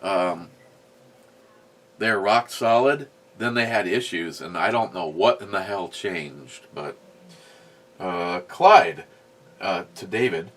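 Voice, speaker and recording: A man's voice: sits low, slow pace, long pauses, fairly bright tone. Rambling man telling a story casually. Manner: rambling storyteller with many restarts and fillers. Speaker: podcast host. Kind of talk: casual chat, reading out live chat comments.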